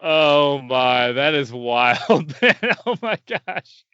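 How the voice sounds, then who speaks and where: Podcast host guy, friendly and rambly, smooth bright voice, dry dull audio. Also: a little high, expressive, very slow, no echo. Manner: friendly, lots of fillers and restarts. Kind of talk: casual interview.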